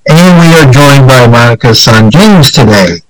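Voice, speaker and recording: A man hosting a podcast in casual chat, halting with fillers while fighting the flu. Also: medium pitch, lively intonation, no echo, poor audio. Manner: halting, many fillers and restarts. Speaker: podcast host.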